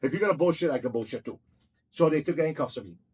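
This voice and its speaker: A man's voice: a little high, lively intonation, quick pace, a little mellow, breathy edge. A man who owns a restaurant tells a heated, profane story in an interview, blunt and swearing constantly as he acts out each exchange. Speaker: restaurant owner.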